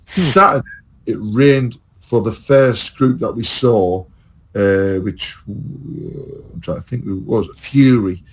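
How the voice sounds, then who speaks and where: A man's voice: mid-range voice, slow, poor audio. Sweary rambling man chatting. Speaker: podcast host. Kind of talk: casual chat.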